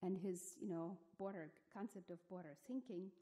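A woman's voice: on the low side, moderate pace, dark tone. A woman speaking at a museum symposium, giving an academic talk in a thoughtful, hesitant way with many fillers and restarts.

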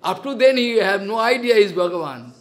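A man's voice: sits high, expressive, a little fast. A man with an Indian accent, a spiritual teacher telling a devotional story in simple, broken English and acting out the dialogue.

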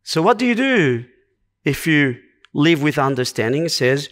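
A man's voice: fairly high pitch, sing-song, normal speed, a bit bright. A man preaching a sermon to a congregation, earnest and exhorting, driving his points home with short repeated commands.

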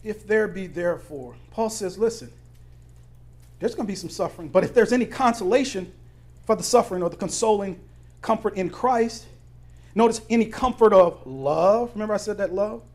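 A man's voice: sits high, moderate pace, darkish tone. A man preaching a sermon to his congregation, asking the room questions and laughing through personal stories. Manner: conversational preaching with call-and-response questions and laughing anecdotes. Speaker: pastor. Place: church sanctuary.

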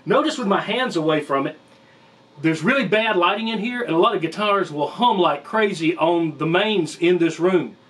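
A man with a fairly high voice gives a casual guitar review in a room at home. He rambles, jokes and interrupts himself. He is picked up on a camera mic, sometimes from across the room. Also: normal speed, a bit bright. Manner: rambling, jokey, self-interrupting. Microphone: camera mic, sometimes far.

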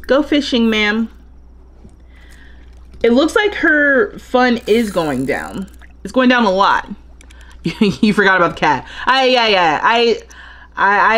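Lively woman streaming a life-sim game. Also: mid-range voice. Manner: chatty, thinking aloud while playing. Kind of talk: live gameplay commentary.

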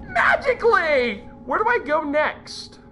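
Jumpy high-voiced woman gaming. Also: very animated, a little slow, sharp tone, slight background noise. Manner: jumpy, panicky, yelps and exclaims, talks to herself. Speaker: gameplay commentator. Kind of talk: horror game let's play commentary.

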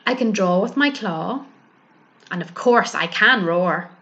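Woman doing a higher, childlike storybook bear, slow and pleading. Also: expressive, pushed and bright, highs cut off. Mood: proud. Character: little male bear, childlike, eager and easily upset.

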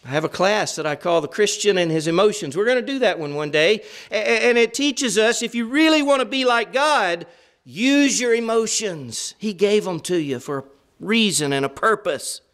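A man's voice: sits high, lively intonation, moderate pace, fairly bright tone. A middle-aged man preaching a sermon in an earnest, conversational way, stressing points through repetition.

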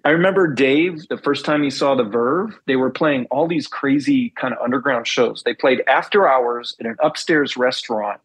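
A middle-aged man, a former band bassist, telling stories in a casual interview and acting out the dialogue he recalls. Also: moderate pace, hardly any pauses, slightly rough, rough recording. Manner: animated storyteller, acts out quoted dialogue.

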